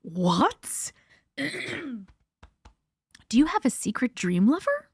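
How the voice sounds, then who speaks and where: A woman's voice: high voice, big pitch swings, very slow, husky, no echo, clean studio sound. A woman hosting a live stream, reading a listener's story aloud bluntly and expressively, with profanity and reactions. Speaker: host reading listener stories.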